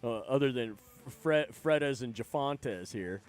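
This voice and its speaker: A man talks off the cuff on a livestream, wandering from thought to thought with plenty of swearing and laughing between lines. His voice sits at an ordinary middle pitch for a man. Faint music plays underneath. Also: lively intonation, a little slow. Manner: rambling, profane, laughs often. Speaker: livestream host. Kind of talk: casual livestream chat.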